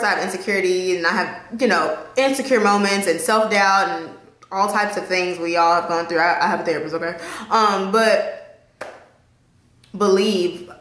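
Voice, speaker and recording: A woman's voice: medium pitch, fairly bright tone. Young woman vlogger, candid and emotional, mid-range voice, echoey room. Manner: candid, emotional, chatty with laughs. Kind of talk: casual talk to camera.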